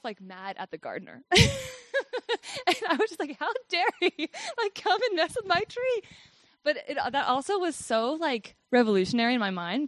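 A young woman shares a personal faith testimony in a chatty way, saying "like" often and laughing as she goes. Her voice is a little high, and there's no echo.

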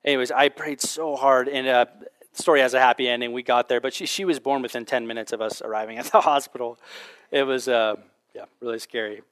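A man's voice: mid-range voice, steady tone, a little fast, fairly bright tone, clean tone. Casual, chatty male preacher. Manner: conversational storytelling with frequent fillers. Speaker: pastor. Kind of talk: casual sermon with Bible reading.

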